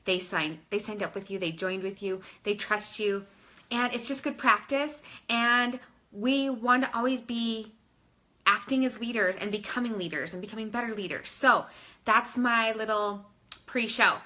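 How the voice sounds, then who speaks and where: A woman with a medium-pitched voice speaks at a moderate pace, her tone pushed and bright. She's coaching her team in a casual instructional talk, chatty and informal, often saying "like" and addressing everyone as "you guys".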